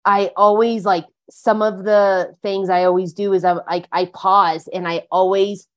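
A woman's voice: medium pitch, little pitch movement, a little slow. A woman guest talking earnestly about recovery, leaning on frequent "like" fillers as she goes. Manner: earnest, heavy use of "like" fillers. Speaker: podcast guest. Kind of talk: casual conversation about recovery.

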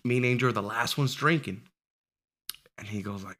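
A man in his twenties telling a story in casual, profane chat, lively and laughing as he goes. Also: on the low side, a little fast. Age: 20s. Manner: animated, profane, laughs while telling stories.

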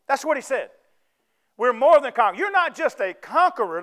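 Guy preaching, high smooth voice, keeps asking the church to say amen back. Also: very animated, normal speed, bright, forceful tone. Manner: call-and-response preaching, folksy and conversational. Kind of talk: sermon.

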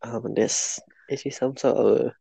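A man's voice: medium pitch, fairly even intonation, unhurried, gravelly, warm tone, husky, no echo, rough recording. A young man from Singapore with a Singaporean English accent, co-hosting a podcast and rambling tiredly with many restarts. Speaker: podcast co-host. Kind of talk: casual late-night chat.

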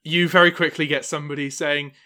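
A man narrating as game master, halting often with fillers between phrases. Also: fairly high pitch, level tone, bright, forceful tone.

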